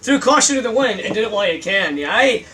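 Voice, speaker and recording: A man's voice: high voice, lively intonation, quick pace, distant mic, noisy background. A man co-hosting a casual comedy interview, chatting in a laid-back, self-deprecating way. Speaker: podcast co-host. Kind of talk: casual chat.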